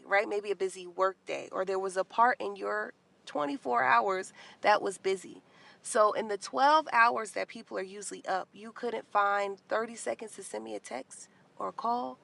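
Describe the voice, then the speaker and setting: A woman's voice: mid-range voice, normal speed, vocal fry, pushed and bright. A woman ranting emphatically about dating, asking rhetorical questions. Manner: emphatic, rhetorical, laughing asides. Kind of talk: casual rant.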